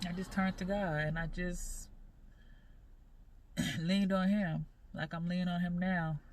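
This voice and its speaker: A woman in her forties talking earnestly in a personal faith vlog, halting and repeating her phrases as she goes. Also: fairly low pitch, fairly even intonation, slight background noise. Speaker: vlogger.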